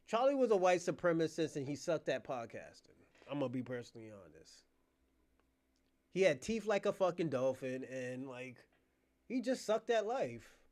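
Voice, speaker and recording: A channel host with a medium-pitched, darkish voice rants at his livestream chat, being profane, combative and mocking. He laughs between his jabs.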